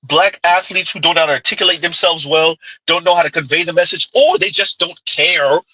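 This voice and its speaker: A man with a fairly high, piercingly bright voice hosts a live-stream commentary. He needles his audience with blunt rhetorical questions and mocking "huh?" asides. His tone is husky and sits close and dry. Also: fairly quick, dry recording, rough recording. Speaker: commentary channel host.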